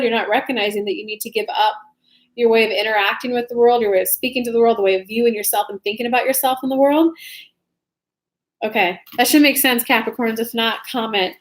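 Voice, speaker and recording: A young woman doing a casual, chatty tarot reading livestream from home, talking loosely and informally to her viewers. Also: fairly high pitch. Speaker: tarot reader. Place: home room with soft lighting.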